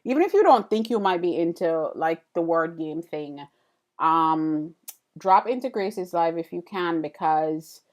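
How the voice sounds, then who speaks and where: Woman live-streamer, casual and rambling, thanking her chat between drawing steps. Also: fairly low pitch. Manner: chatty, thanks viewers, many fillers and restarts.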